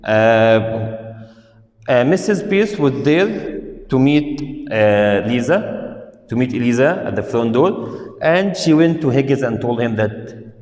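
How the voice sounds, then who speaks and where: Slow, deliberate male teacher in an echoey room. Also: mid-range voice, lively intonation, a little mellow. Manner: slow and deliberate, rephrasing points and filling pauses with "uh". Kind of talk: online literature lesson, reading aloud and explaining. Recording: roomy with a long echo.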